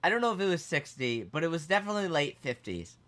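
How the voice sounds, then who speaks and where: A man co-hosting a podcast, telling a story in a casual, animated, self-mocking way. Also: a little high, fast. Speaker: podcast co-host.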